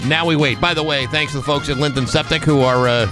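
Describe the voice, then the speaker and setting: A man's voice: fairly high pitch, steady tone, quick pace, over music. A man hosting a morning radio show and taking calls, breezy and wry.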